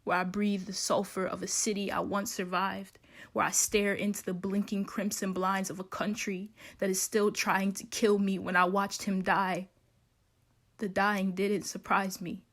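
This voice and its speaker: A young woman recites spoken word poetry in a grave, measured way. Her pitch stays flat and steady throughout. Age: young adult.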